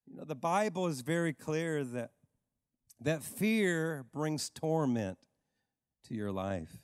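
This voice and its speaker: A male pastor preaching a sermon in an emphatic way, repeating phrases and dropping low for stress. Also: lively intonation, slow pace, clear, resonant tone, no room sound, studio quality, long reverb tail.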